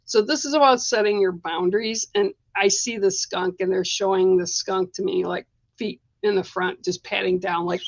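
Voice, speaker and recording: A woman's voice: medium pitch, fairly even intonation, normal speed, hardly any pauses, no echo, dull audio. A middle-aged woman giving spiritual card readings on a casual live stream, chatty and rambling with lots of fillers and restarts.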